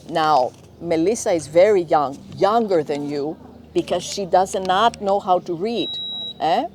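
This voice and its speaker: Slow, clear woman teacher. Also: lowish voice, a little mellow, a little hiss or hum. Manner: slow, clear, often checking with children. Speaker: teacher, director of studies. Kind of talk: storytelling to young learners.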